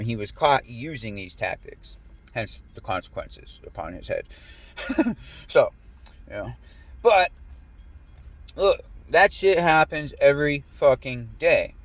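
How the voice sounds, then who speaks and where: A man telling a long, rambling story in casual talk, swearing often and acting out other people's lines in a raised voice. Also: medium pitch. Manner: profane, animated, quotes people in raised voice. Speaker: podcast host.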